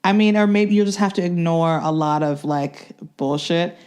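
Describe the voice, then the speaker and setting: A woman's voice: fairly low pitch, moderate pace, a little mellow, clear, resonant tone. A woman co-hosting a podcast in casual chat, laughing often. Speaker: podcast co-host.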